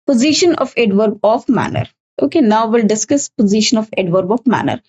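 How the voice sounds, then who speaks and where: A woman's voice: on the high side, lively intonation, a little fast, darkish tone, slightly rough, muffled recording. A woman with an Indian English accent teaching an English grammar lesson, explaining step by step, repeating key points and often saying "okay". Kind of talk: recorded exam-prep lesson.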